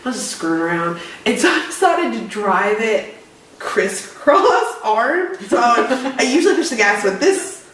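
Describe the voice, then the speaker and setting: A young woman co-hosting a casual podcast, relaxed and quick to laugh. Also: a little high. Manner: laid-back, laughs often. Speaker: podcast co-host. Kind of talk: casual chat. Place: room at home. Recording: roomy, distant mic with faint hiss.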